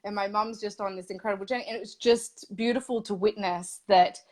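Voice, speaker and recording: A woman hosting a casual interview series, effusive and animated, often laughing mid-sentence. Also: medium pitch, brisk.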